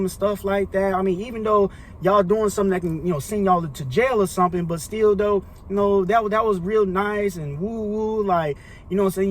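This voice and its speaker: A man's voice: high voice, normal speed, a little hiss or hum. A young man telling a casual storytime monologue, rambling and profane, full of slang fillers. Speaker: storyteller vlogger.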